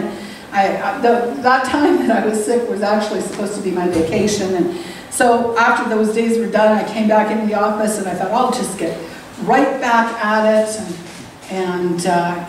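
A woman preaching a sermon in earnest. She speaks reflectively and rises high when she stresses a point. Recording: roomy echo, distant mic, faint hiss.

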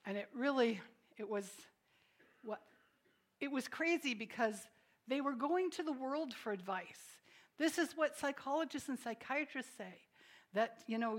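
A woman preaching a sermon in a conversational way, asking the congregation questions and adding quiet, joking asides between emphatic statements. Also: fairly high pitch, expressive, normal speed. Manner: swings from emphatic declarations to soft, quiet asides.

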